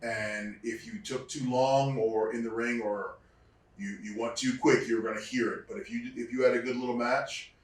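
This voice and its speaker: A former wrestler tells his stories in an animated, easygoing way and slips into other people's voices as he goes. His voice sits at an ordinary male pitch. The sound echoes around the room, with the mic set well back from him. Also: normal speed. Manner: animated storyteller, acts out quoted voices. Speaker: interview guest, former wrestler. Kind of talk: casual storytelling interview. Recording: roomy sound from a distant mic.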